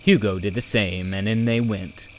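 A man narrating a storybook in a slow, measured reading. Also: lowish voice, fairly even intonation, darkish tone, slight background noise. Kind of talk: audiobook narration.

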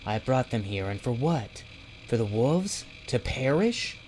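A determined young schoolgirl adventurer, as a male narrator puts her on, her voice lifted well above his usual and rising to sharp, high calls. She speaks earnestly and slowly, with a faint hiss in the background of this storybook reading. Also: big pitch swings. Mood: despairing. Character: brave young girl student adventurer, determined. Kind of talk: audiobook character reading.

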